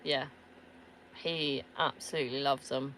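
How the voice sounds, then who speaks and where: Casual van-life vlogger, woman, deep register, easygoing, laughs and swears freely. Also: steady tone, measured pace, a bit bright, slight background noise. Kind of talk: casual chat answering viewers. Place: inside a camper van.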